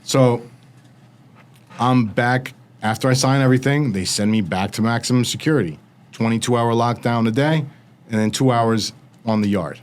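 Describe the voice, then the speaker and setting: A man's voice: mid-range voice, normal speed. A man speaking as an interview guest, recounting his past in a blunt, streetwise way. His voice sits in an ordinary middle range, and he slips into other people's lines as he tells it. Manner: blunt, streetwise storytelling with quoted dialogue. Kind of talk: storytelling in an interview.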